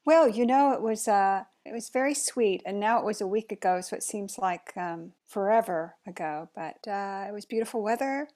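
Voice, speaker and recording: A middle-aged woman chatting casually, reflective and unhurried, with soft laughs. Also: medium pitch. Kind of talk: casual chat.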